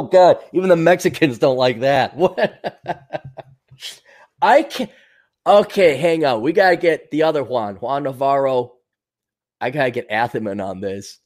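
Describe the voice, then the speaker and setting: A man hosting a podcast, giving a sarcastic, profane, combative rant on the news and mocking the people he talks about. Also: a little high. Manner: mocking, laughs at his own jokes. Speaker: podcast host. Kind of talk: ranting news commentary.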